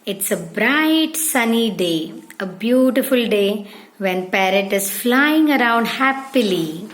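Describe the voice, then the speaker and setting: A woman preschool teacher narrating a story for young children, clear and gentle, speaking to them directly. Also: a little high, expressive, slow pace.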